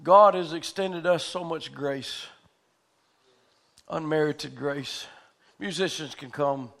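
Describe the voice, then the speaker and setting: A man's voice: a little high, slow, gravelly, fairly bright tone. A man preaching a sermon in a church, telling a story with fervent conviction.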